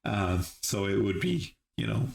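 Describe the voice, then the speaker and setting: Low-voiced man recapping an episode in an echoey room. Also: sing-song, unhurried, creaky, darkish tone. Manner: thinks aloud with restarts and laughs. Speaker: channel host reviewing episodes. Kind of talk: live reaction and recap. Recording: echoey room with faint hiss.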